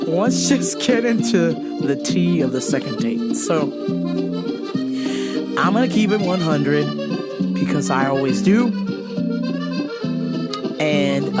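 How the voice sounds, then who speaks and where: A woman's voice: low voice, lively intonation, takes it slowly, long pauses, over loud music. A woman hosting a podcast, telling stories in a blunt, profane, casual way and laughing often. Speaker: podcast host. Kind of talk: casual storytelling chat.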